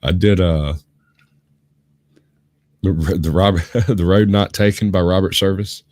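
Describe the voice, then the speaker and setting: A sick man with a hoarse, gravelly voice, rambling and explaining in a casual chat as host of a live stream. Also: deep voice, steady tone, unhurried, a little mellow, dry recording. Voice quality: rough, gravelly. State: hoarse from illness.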